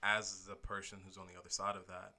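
A man's voice: deep voice, completely flat delivery, fairly quick, bright, forceful tone. A man co-hosting a podcast as a pastor, talking earnestly and reflectively in casual chat. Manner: earnest, reflective, laughs easily.

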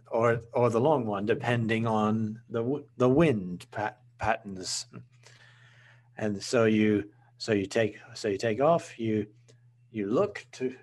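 A man's voice: lowish voice, darkish tone. A man, a guest talking in a rambling way with lots of restarts. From Australia. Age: 20s. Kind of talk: casual podcast interview.

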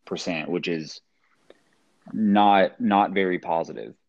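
A man's voice: sits low, takes it slowly, darkish tone, lo-fi sound. A man co-hosting a casual true-crime podcast, thinking aloud and hesitating. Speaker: podcast co-host.

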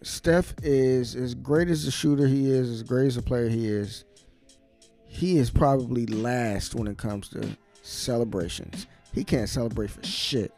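A man's voice: mid-range voice, a little slow, gravelly, a little mellow, faint music behind. A young man co-hosting a podcast, speaking casually in a blunt, wry and slangy way. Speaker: podcast co-host. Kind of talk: casual chat.

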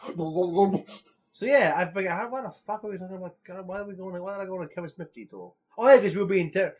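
A man's voice: high-pitched, fast. A young man co-hosting a podcast in casual chat, rambling with lots of fillers and swearing. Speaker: podcast co-host.

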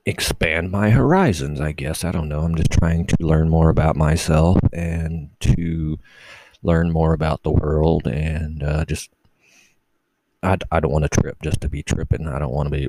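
A man's voice: extremely low pitch, steady tone, normal speed, warm tone, no echo, low-quality recording. A man hosting his own solo podcast, rambling casually and swearing, mocking himself as he goes. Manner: rambling, profane, self-mocking. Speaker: podcast host.

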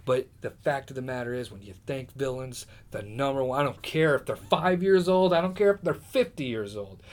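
A man's voice: medium pitch, expressive, a little fast. A man chatting on a podcast, ranting bluntly and with strong opinions. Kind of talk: casual chat.

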